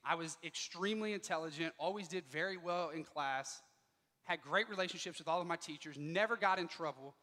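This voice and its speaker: A man giving a motivational speech to students, telling a personal story with lively delivery and acting out the dialogue. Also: fairly high pitch, fairly quick, in a large hall. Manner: animated, acts out quoted dialogue. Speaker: motivational speaker. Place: school auditorium.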